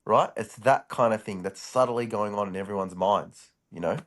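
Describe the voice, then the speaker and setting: A man from Australia co-hosting a casual podcast chat, animated and teasing, who fills his talk with "like". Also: fairly low pitch, normal speed. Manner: animated, heavy on filler "like", teasing. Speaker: podcast co-host.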